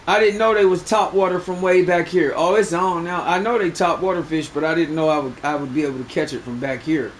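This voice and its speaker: A man's voice: fairly high pitch, steady tone, fairly quick, few pauses, a little hiss or hum, low-quality recording. A young man streaming a fishing game, bragging and swearing in loose slang as he talks to his chat. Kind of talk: live gameplay commentary.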